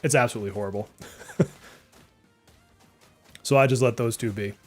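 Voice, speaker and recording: A man's voice: mid-range voice, moderate pace, faint music behind. A man in his thirties from Massachusetts with a slight Massachusetts accent, chatting in a rambling way while streaming a game live and reacting aloud to play. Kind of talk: casual live gameplay chat.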